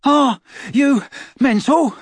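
A man voicing Ron, an awkward, sheepish teenage boy wizard, in a high, strained voice. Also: drawn-out words, no echo, exaggerated voice. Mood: breathless, shocked.

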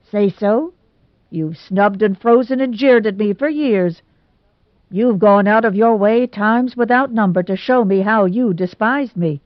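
A woman voicing a proud, quick-tempered young woman in a storybook reading. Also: mid-range voice, no echo, natural voice. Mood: indignant. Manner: stormy, indignant. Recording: dull lo-fi recording.

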